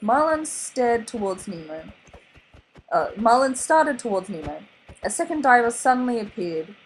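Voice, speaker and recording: An Australian woman reading a children's novel aloud in an expressive, dramatic way. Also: a little high, normal speed, slight background noise, poor audio. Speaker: reader. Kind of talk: storybook read-aloud.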